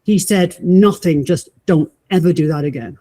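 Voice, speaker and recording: Woman in her fifties telling a lively story. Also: sits low, normal speed. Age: 50s. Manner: acts out quoted voices, frequent restarts. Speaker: podcast guest. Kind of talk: animated personal storytelling.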